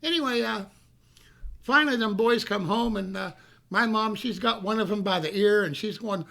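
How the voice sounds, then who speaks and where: A man's voice: sits high, fairly quick, creaky, bright, forceful tone. A man telling a rambling, folksy childhood story, often repeating himself. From North Carolina. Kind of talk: casual storytelling.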